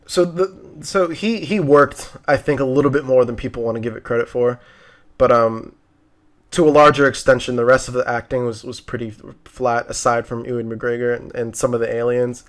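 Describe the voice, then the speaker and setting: A man's voice: medium pitch, steady tone, a little fast. A man in his twenties, co-hosting a casual movie review, talking in a chatty way with lots of fillers and restarts. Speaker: co-host of a movie review show.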